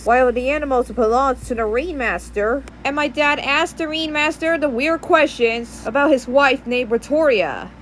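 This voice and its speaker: A high-voiced woman tells a homemade story in long, rambling run-on sentences. Faint noise hums under the home recording.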